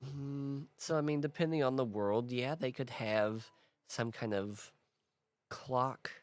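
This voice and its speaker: A man's voice: mid-range voice, slow, dry recording. A man hosting a casual worldbuilding talk, thinking aloud in a rambling way with restarts and small laughs. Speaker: host.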